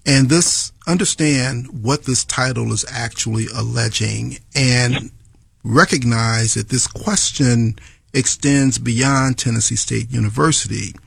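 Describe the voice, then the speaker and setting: A man hosting a radio talk show, giving a long introduction and interviewing a guest in a measured, emphatic way. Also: mid-range voice, creaky, husky, dry recording.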